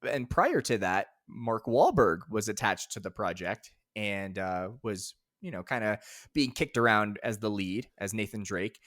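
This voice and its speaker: A man co-hosting a casual gaming podcast, enthusiastic and quick to laugh. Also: lowish voice, animated, fairly bright tone, dry recording, studio quality. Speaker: podcast co-host.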